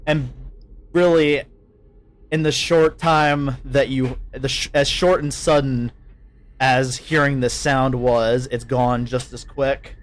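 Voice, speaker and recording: A man's voice: mid-range voice, little pitch movement, takes it slowly. Laughing, swearing male game master. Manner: laughs often, swears freely. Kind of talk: narrating a tabletop game.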